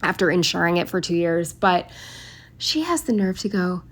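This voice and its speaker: A woman's voice: on the low side, expressive, moderate pace. A young woman venting in a casual, rambling storytime, exasperated and swearing freely. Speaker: planner vlogger.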